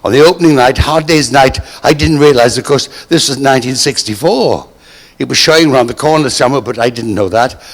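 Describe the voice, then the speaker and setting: A man's voice: mid-range voice, fairly quick, in a large hall. Older british man, theatrical storyteller, live audience anecdotes, acts out quotes. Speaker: storyteller on stage.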